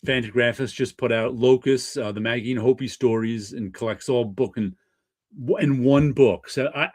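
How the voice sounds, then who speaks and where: A man at middle pitch hosts a casual podcast chat, telling work stories and laughing often. His voice sounds dry and close, with little room around it. He quotes himself as he goes. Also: no room sound. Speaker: podcast host.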